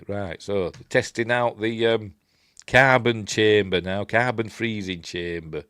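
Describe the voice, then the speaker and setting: Yorkshire man, deep voice, chatty rambling film reviewer, dry close sound. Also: a little slow, a bit bright, clean tone, no echo. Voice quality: rambling, self-correcting, with chuckles and asides. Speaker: film reviewer, channel host. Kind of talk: casual film commentary.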